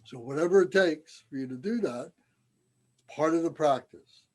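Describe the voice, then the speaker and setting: A man's voice: fairly high pitch, normal speed, darkish tone. Man teaching and chanting syllables. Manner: conversational, self-deprecating, slips into chanting syllables. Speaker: dharma teacher. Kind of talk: informal teaching with chanted recitation.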